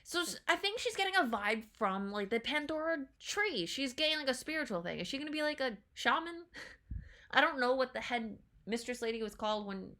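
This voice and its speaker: A woman chats through a trailer reaction in a bright, forward voice, excitable and rambling. She swears freely and leans on filler words as she thinks out loud. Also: high voice, moderate pace. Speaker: reaction video host. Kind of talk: casual chat reacting to a trailer.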